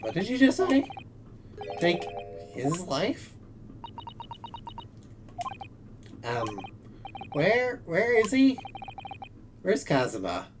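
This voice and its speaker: A man's voice: sits high, wildly swooping pitch, takes it slowly, pauses often, background noise, heavily acted. A man voicing a flustered, exasperated young male defendant, over game music. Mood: stunned.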